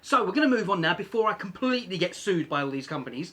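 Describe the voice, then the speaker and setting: A man's voice: sits high, expressive, fairly quick, hardly any pauses, pushed and bright, husky. A man talking casually in a vlog, chatty and self-deprecating, repeating points for emphasis. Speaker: vlogger.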